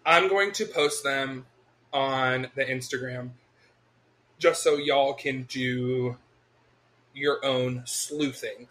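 A man co-hosting a casual chat podcast, animated and quick to laugh, swearing freely. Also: mid-range voice. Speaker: podcast co-host.

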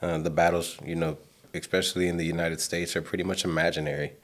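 A man co-hosting a podcast who makes his points in a measured, reflective way and keeps checking that the others follow. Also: low-pitched, flat delivery. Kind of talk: casual podcast discussion.

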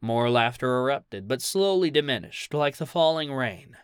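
A man reads a short story aloud as a professional narrator, in a measured, steady storytelling voice. His pitch sits in a middle range. The recording is dry and close. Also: clean tone, dry recording. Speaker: audiobook narrator.

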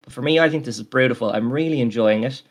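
A man's voice: medium pitch, fast talker. Chatty man. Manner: rambling, enthusiastic, with many fillers. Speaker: podcast co-host. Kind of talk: casual chat.

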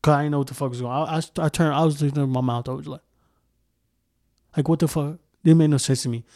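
A man's voice: on the high side, steady tone, quick pace, dark tone, no room sound, clean studio sound. A young man hosting a solo podcast, talking casually in a heated, profane, rambling way with many restarts. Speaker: podcast host.

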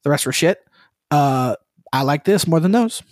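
A man's voice: a little high, expressive, moderate pace, darkish tone, no room sound, studio quality. A man co-hosting a gaming podcast in casual chat, rambling and swearing, laughing often. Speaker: podcast co-host.

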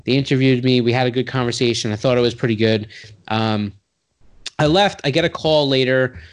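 A man's voice: mid-range voice, brisk, clear, resonant tone. A man, telling a long personal story in casual talk, acting out the voices of the people in it, full of "like" and restarts. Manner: animated, acts out quoted voices with sudden loud jumps; heavy use of "like" and restarts, swears casually. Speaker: guest telling his career story.

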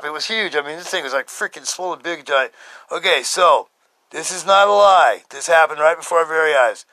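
A man in his fifties telling a story as a podcast host, casual and excitable, swearing and laughing often. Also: on the high side, fast talker, no echo. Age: 50s.

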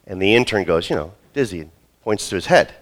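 Deep-voiced man preaching a sermon. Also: expressive, fast. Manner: storytelling, acts out quoted voices. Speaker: pastor.

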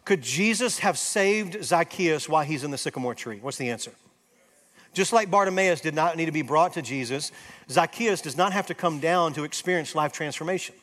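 A pastor delivering an emphatic sermon in a raised, high voice. He drives hard through peaks, then drops low and soft to plead with his listeners. A long hall reverb follows every line from the church sanctuary. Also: animated, a little fast. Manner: emphatic preaching, rising to intense peaks then dropping soft.

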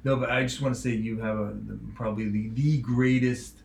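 A man's voice: medium pitch, fairly even intonation, fairly quick, darkish tone, echoey room, slight background noise. A man hosting a casual chat, easygoing and full of "like" and "um" as he steers the talk. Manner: easygoing, lots of fillers like "like" and "um".

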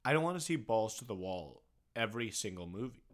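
A man's voice: on the low side, a little fast. A man co-hosting a movie podcast, chatting casually with plenty of fillers. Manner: animated, filler-heavy, playful. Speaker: podcast co-host. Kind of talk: casual movie review chat.

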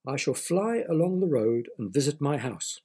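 Man putting on a careful little boy, voice pushed up, husky and gravelly underneath. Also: fairly high pitch, expressive, normal speed, dark tone. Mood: excited. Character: cautious sensible young boy.

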